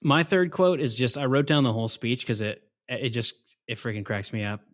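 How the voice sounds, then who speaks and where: A man's voice: medium pitch, brisk. Man in his thirties chatting on a podcast. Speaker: podcast co-host. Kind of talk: casual movie podcast chat.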